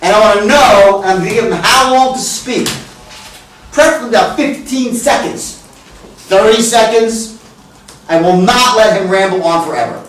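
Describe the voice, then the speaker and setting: Profane sales trainer in an echoing room. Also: male voice, sits high, moderate pace, slight background noise. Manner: blunt, profane, swings into loud exaggerated demonstrations. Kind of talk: live sales training talk. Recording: very echoey room, speaker far from mic.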